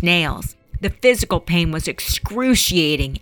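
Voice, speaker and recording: A woman narrating a dark audiobook chapter dramatically and expressively. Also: low voice, lively intonation, unhurried, few pauses, dry recording. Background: faint background music.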